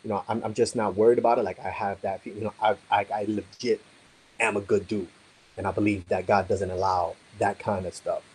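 Husky, fast-talking cop swearing casually. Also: male voice, fairly low pitch, steady tone, darkish tone, poor audio. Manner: blunt, profane street slang; rambling, many fillers like "you know". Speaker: police officer, coaching client. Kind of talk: casual conversation on a call.

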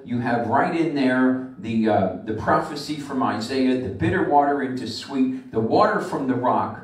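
A man preaching a sermon as a rabbi, pressing hard on his points and drawing the scripture out slowly for weight. His voice sits at a middle pitch and rings through a very echoey sanctuary. He stands some distance from the microphone. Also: a little mellow. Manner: emphatic preaching, slows and swells on scripture. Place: synagogue sanctuary. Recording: echoey room from far off the mic.

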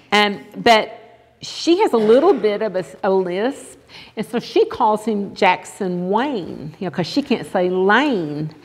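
A woman's voice: medium pitch, vocal fry. An older woman giving an earnest, conversational chapel sermon, often checking in with "okay?". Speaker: chapel speaker. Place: chapel hall. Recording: long hall reverb.

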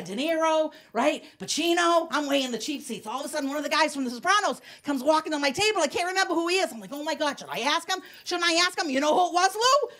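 A woman's voice: high-pitched, sharp tone. A woman comedian doing a brash, self-mocking stand-up routine in a small studio, teasing the audience. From United States.

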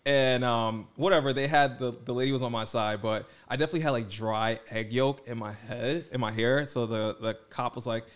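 A young man co-hosting a casual podcast, an animated, playful storyteller who gets defensive when teased. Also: medium pitch, a little fast, hardly any pauses. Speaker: podcast co-host. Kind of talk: casual chat.

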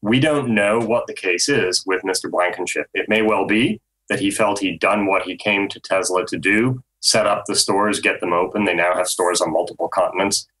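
Podcast guest, man, low pitch with a bright edge, measured. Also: steady tone, poor audio. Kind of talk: casual podcast chat.

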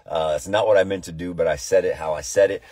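A man pastoring a live morning devotional from inside a car, chatty and upbeat before turning to hushed, earnest prayer. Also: low voice, steady tone, fast, dry recording, studio quality.

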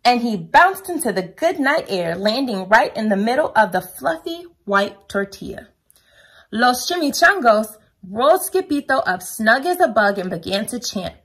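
A woman reading a children's picture book aloud at home, lively and playful, with a sing-song delivery. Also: a little high, moderate pace, breathy edge.

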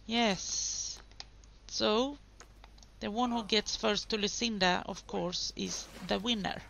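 Slow, gravelly-voiced woman gaming host. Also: mid-range voice, pushed and bright. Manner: chatty, talks to the game characters. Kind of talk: casual gameplay commentary.

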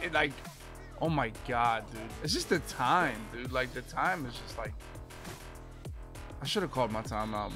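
A man streaming a football video game, swearing, yelling in frustration, then muttering low. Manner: profane, swings from yelling rants to low muttering. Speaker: gaming streamer. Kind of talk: live gameplay commentary.

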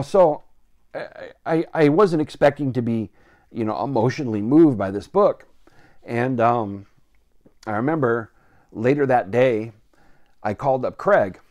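A man's voice: medium pitch, darkish tone, dry recording, clean studio sound. Earnest man telling a personal story. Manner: earnest and heartfelt, with many pauses and fillers. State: choked up, near tears. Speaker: comic book video host.

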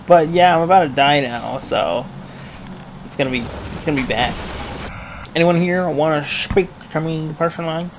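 A man's voice: a little high, normal speed. A man hosting a let's play with jokey gaming commentary and dramatic mock complaints. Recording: game noise loud behind.

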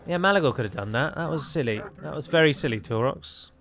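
This English-accented strategy game commentator sounds expressive and creaky, his mid-range voice a bit bright at a quick pace over slight background noise. He talks casually and wryly, drifting into rambling asides.

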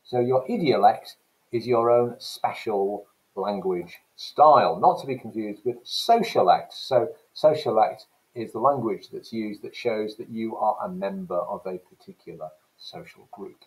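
A lowish-voiced man teaching English language in a recorded lesson. He explains each term with steady emphasis and sometimes mimics regional accents as examples. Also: measured pace, poor audio.

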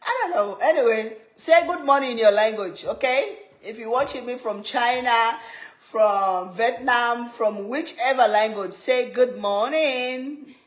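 Woman, cooking-show host, bright higher voice, echoey kitchen room. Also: a little slow. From Sierra Leone. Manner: chatty, laughing, greets viewers by name. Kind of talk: casual live chat with viewers.

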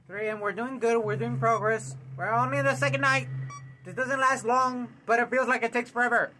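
A man hosting a let's play, reacting to a horror game with excitable commentary, yelps, jokes and mock-dramatic outbursts. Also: extremely high pitch, a little fast.

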